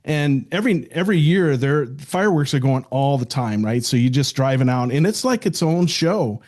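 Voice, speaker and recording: A man's voice: mid-range voice, expressive, normal speed, darkish tone. An older man co-hosting a podcast in casual chat, joking and telling stories at length. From South Dakota, United States. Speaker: podcast co-host.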